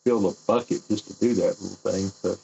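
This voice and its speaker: His deep, warm, creaky voice stays steady and runs a little fast, with highs cut off and slight background noise. He airbrushes in his home workshop on a livestream, chatting in a rambling, relaxed, self-deprecating way.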